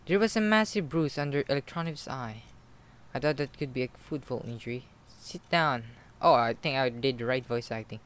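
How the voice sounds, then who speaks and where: Stumbling, self-mocking gamer reading aloud. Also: male voice, medium pitch, brisk, a bit bright. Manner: self-mocking, trips over words and laughs. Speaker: gaming YouTuber. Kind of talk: reading a visual novel aloud with commentary.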